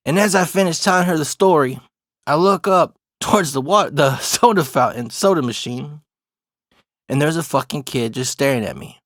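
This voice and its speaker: A man's voice: on the high side, moderate pace, a bit bright, no room sound, studio quality. A young adult man casually telling a funny story, swearing a lot and often laughing. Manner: profane, laid-back, laughs often.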